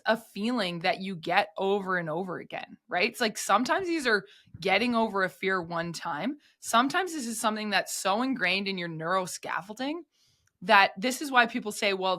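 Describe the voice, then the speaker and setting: A woman who coaches gymnastics, telling stories in a casual podcast chat, animated and full of "like" fillers. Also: mid-range voice. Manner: animated storyteller, many "like" fillers.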